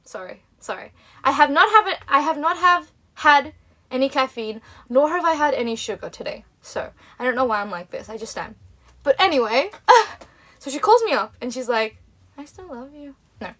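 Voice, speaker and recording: A woman's voice: high voice, moderate pace. A young woman hosting a livestream, telling a story casually to fans. She rambles, giggles often and acts out other people's lines. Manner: animated and giggly, rambling with restarts. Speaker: livestream host.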